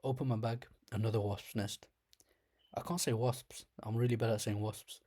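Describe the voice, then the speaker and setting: A man's voice: lowish voice, steady tone, normal speed, dark tone, breathy edge. A young man with a slight lisp telling a rambling comic story about his dreams in a casual way, laughing at himself now and then. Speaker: storyteller host.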